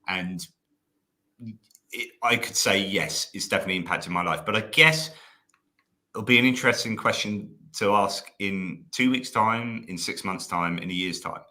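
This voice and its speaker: A man with a bright, forceful voice and a somewhat low pitch, talking as a guest on a live stream. He speaks haltingly, with frequent restarts and fillers, and he is emotional at moments. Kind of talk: casual live-stream conversation.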